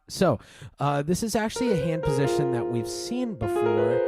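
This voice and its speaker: A man teaching piano speaks at medium pitch with big pitch swings and a moderate pace, explaining a piece and counting the swing rhythm out loud as he plays. Loud piano music sits in the background of this tutorial.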